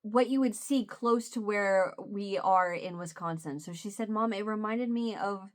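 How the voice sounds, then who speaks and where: A woman's voice: mid-range voice, unhurried. Chatty woman telling a family story. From US Midwest. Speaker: vlogger. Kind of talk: casual chat.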